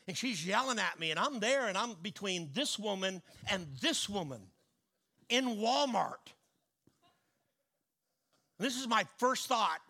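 A man preaching a sermon, telling a story and swinging between hushed asides and loud declarations. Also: high-pitched, expressive, a little slow, vocal fry, long pauses.

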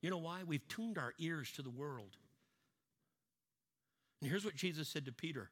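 A man preaching a sermon, swinging from loud emphatic lines down to low, hushed ones. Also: animated, normal speed, long pauses. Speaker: pastor.

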